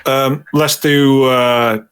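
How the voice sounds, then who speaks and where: A man's voice: medium pitch, level tone, drawn-out words, fairly bright tone, clear, resonant tone. Easygoing man running a podcast segment. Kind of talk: casual chat. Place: home, talking over the internet.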